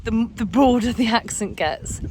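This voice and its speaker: A woman's voice: a little high, measured pace. A woman from Hampshire with a Somerset-tinged West Country accent, chatting casually as she explains a day on the beating line. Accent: Somerset-tinged English West Country. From Hampshire, England. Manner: chatty and explanatory, laughs often. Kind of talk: casual outdoor vlog. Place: outdoors in countryside fields and hedges. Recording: noisy outdoor phone recording.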